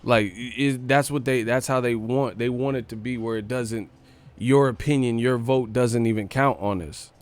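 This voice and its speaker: A young man with a Northern California Sacramento accent hosts a live boxing stream, joking loosely in slang, reading chat aloud and laughing often. His mid-range voice is clean and steady at a normal speed.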